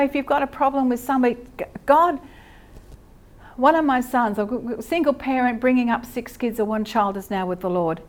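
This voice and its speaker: A middle-aged Australian woman giving a lively, conversational church teaching and asking her listeners questions. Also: a little high. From Queensland, Australia. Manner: lively, asks the audience questions.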